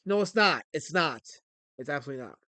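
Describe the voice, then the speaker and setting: Bright-voiced ranting stream host, a man. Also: on the high side, animated, fast talker. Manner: rambling, ranting, frequent restarts. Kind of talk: casual livestream chat.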